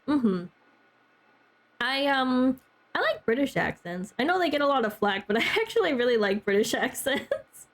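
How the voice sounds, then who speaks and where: A young woman streaming a game, chatting casually with her chat and peppering her talk with "like" and little laughs. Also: mid-range voice. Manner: chatty, heavy use of "like", frequent laughs.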